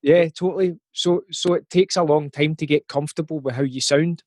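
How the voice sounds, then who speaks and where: Reflective Scottish man, slightly high voice. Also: fairly even intonation, brisk, a little mellow, dry recording. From Scotland. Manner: reflective, thinks aloud with many fillers. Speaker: guest rapper. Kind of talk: podcast interview.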